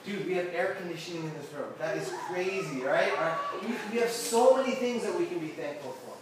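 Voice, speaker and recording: Youth preacher, male, high voice, chatty and interactive, recorded from afar in a very echoey room. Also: lively intonation, fairly quick, background noise. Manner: constantly checks in with the listeners. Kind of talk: casual interactive sermon. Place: air-conditioned room with a group. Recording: very echoey room, mic far off.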